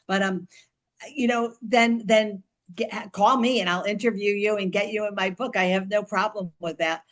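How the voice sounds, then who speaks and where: Animated middle-aged woman, interview guest. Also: medium pitch. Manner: animated, repeats words and restarts; speaks digits slowly and deliberately. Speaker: podcast guest, author. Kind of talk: conversational interview.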